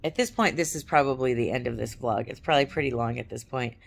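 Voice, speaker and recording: Female vlogger, hoarse crackly voice, loose chatty delivery, home camera sound. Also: extremely low pitch, quick pace. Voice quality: gravelly. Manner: chatty and rambling, with fillers. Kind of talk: casual chat to camera. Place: at home on a couch.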